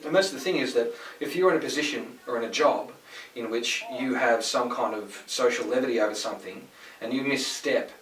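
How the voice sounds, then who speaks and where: A young man in casual podcast chat, rambling fast with opinions and swearing. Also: medium pitch, a bit bright. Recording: echoey room, mic at a distance, faint noise.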